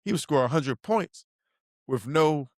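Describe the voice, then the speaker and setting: A man's voice: fairly high pitch, animated, unhurried, a little mellow, dry recording, studio quality. A middle-aged man, telling slangy stories in a casual podcast chat as co-host. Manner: laid-back storyteller, slangy, acts out quotes.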